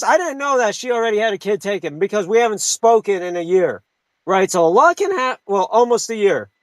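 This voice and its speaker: A man with a high voice rants as a live talk radio host, heated and profane, stumbling over restarts as he presses on. The sound is dry and close, with no room around it. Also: no room sound, rough recording.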